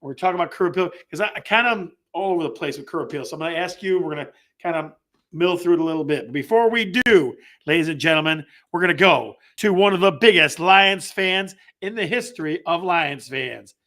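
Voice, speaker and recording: Upbeat man hosting a live real estate stream, high bright voice, reads chat aloud and repeats phrases. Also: brisk. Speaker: real estate show host.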